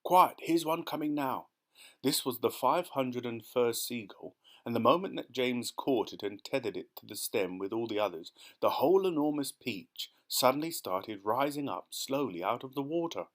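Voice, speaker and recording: A man's voice: mid-range voice, animated, normal speed, hardly any pauses. A man reading a children's audiobook as narrator, telling the story steadily and expressively. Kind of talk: scripted narration.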